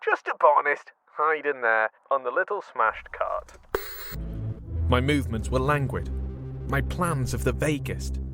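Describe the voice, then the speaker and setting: A man's voice: mid-range voice, animated, unhurried, over music. A young man reads a novel aloud and breaks off into chatty, rambling comic asides. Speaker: podcast host reading a novel. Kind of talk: audiobook reading with comic commentary.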